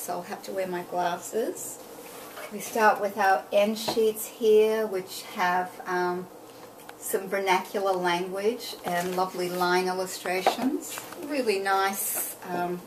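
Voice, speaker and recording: Slow, distant woman reading a picture book. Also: medium pitch, noisy background. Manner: expressive read-aloud, pausing to point out details.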